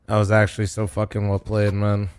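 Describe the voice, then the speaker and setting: A man's voice: on the low side, completely flat delivery, fairly quick, a little mellow, a little hiss or hum. A man co-streaming a match, chatting casually with his viewers and swearing freely. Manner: casual, swears often, talks to chat.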